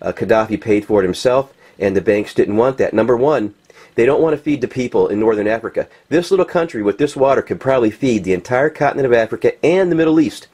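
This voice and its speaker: A man rants in a heated, rambling way while he talks over pictures. He swears freely and stumbles through plenty of ums and uhs. His voice sits at an ordinary middle pitch for a man. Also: expressive, quick pace, a little mellow, husky. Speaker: political commentator. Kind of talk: impassioned commentary over pictures.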